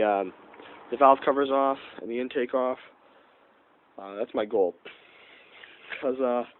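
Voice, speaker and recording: A young man with a cold and a nasal voice, rambling through a casual car-repair update and correcting himself as he goes. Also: mid-range voice. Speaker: vlogger. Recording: tinny phone-like audio.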